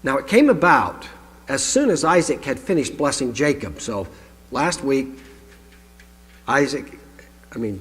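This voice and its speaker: A man giving a conversational sermon to a congregation, reading scripture aloud and adding his own asides. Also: mid-range voice. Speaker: pastor. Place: congregation hall. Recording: long hall reverb.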